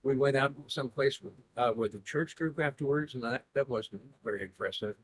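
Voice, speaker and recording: A man as an interview guest, telling travel stories in a dry, wry way with halting restarts. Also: medium pitch. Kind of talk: casual conversation.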